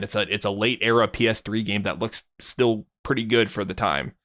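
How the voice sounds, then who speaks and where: This podcast co-host rambles through casual chat, full of fillers and restarts. His voice sits on the low side, steady yet bright and forceful, moving fairly quickly with few pauses.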